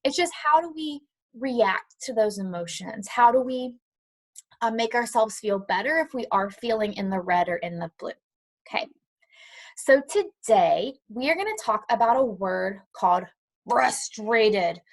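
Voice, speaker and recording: A woman with a fairly high, expressive voice speaks a little slowly as she teaches young children online from her home, patient and encouraging. She runs the class and reads aloud while a dog is nearby.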